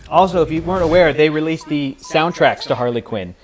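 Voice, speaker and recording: A man hosting a live reaction stream, chatty and joking, talking to viewers in an excitable way. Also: fairly high pitch, brisk, soft background music. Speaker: livestream host.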